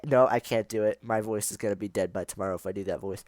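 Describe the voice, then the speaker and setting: A man reading a text adventure game aloud, with excitable, self-mocking commentary on his choices. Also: lowish voice, quick pace, no room sound, clean studio sound. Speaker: YouTuber playing a text adventure.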